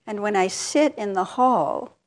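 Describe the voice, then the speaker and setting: An older woman giving a reflective talk as a meditation teacher, telling a personal story candidly and with soft laughs. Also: mid-range voice, a little slow.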